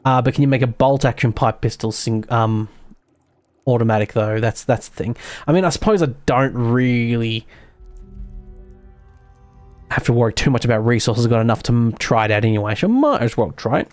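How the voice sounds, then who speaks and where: A man's voice: medium pitch, expressive, a little fast, a little mellow, no room sound, faint music behind. Give me a sarcastic Australian man chatting over his gameplay. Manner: sarcastic, self-mocking, swears freely. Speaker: streamer. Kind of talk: casual gaming commentary.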